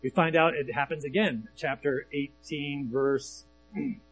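Unhurried and husky, a man's voice on the high side carries a conversational sermon. He reads scripture aloud between comments and often asks listeners "right?", while the low-quality recording picks up a faint mains hum.

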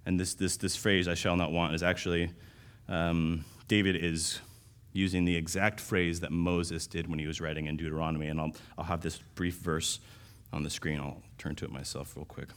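Deep-voiced man preaching conversationally. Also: level tone, normal speed. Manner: conversational, with restarts and sudden louder emphasis. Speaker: pastor. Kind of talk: sermon.

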